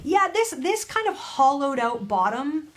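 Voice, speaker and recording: Woman vocal coach, higher voice. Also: big pitch swings, measured pace. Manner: analytical, demonstrates vocal techniques. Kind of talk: reaction video commentary. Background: faint music playing.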